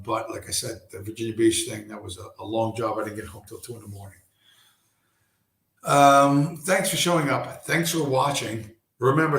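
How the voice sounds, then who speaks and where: A man hosting a casual late-night livestream from home, hoarse and losing his voice, talking in a rambling, profane way full of restarts. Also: fairly low pitch, fairly bright tone, echoey room. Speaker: livestream host.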